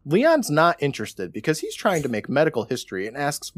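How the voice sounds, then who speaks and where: A man's voice: fairly high pitch, fairly quick, no room sound. Guy podcast cohost retelling an episode, voice bouncing all over, acts out the lines, dry close mic. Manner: animated, acts out characters' lines in exaggerated voices. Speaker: podcast co-host. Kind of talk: casual chat recapping an episode.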